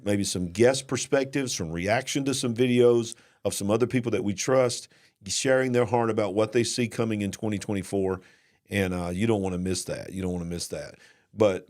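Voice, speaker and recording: Southern guy on a live stream, folksy and emphatic, middle-pitched voice, says things twice. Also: darkish tone. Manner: folksy, emphatic, repeats himself. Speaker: co-host of a live-stream show.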